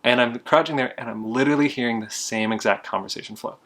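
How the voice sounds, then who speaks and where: A man's voice: medium pitch, quick pace, fairly bright tone. A young man hosting a board game channel, chatting casually and explaining a card game in a self-deprecating way. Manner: chatty, self-deprecating, laughs while telling.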